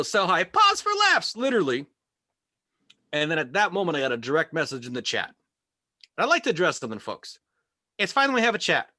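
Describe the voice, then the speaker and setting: A man's voice: high voice, bright, forceful tone, dry recording. A man doing a stand-up comedy set over a video call, telling wry stories that build to punchlines. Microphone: video call microphone.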